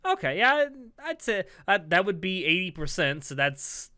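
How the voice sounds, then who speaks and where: A man's voice: high voice, very animated, normal speed, pushed and bright, clear, resonant tone, dry recording, studio quality. A man co-hosting a casual podcast review chat, chatty and laughing easily as he walks through plot details. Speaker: podcast co-host.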